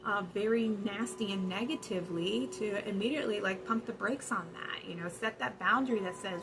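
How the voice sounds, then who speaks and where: A woman's voice: mid-range voice, moderate pace, vocal fry, hardly any pauses, background noise. A woman hosting a spiritual wellness channel, giving casual advice in an earnest, chatty way with many fillers. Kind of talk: casual spoken advice monologue.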